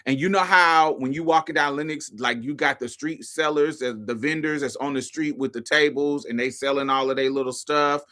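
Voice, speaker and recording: A woman's voice: low voice, fairly even intonation, normal speed, few pauses, a bit bright. A woman hosting a show, casually telling a story to her listeners, swearing freely and calling them y'all, honey and baby. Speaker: host.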